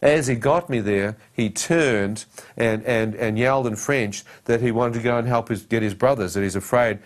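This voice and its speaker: A man's voice: mid-range voice, normal speed. A man giving a personal testimony, telling his story dramatically and acting out the dialogue and his own thoughts.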